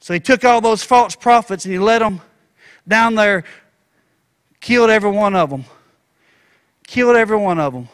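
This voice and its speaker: Folksy male preacher, high voice, animated storytelling. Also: normal speed, pauses often. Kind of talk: sermon.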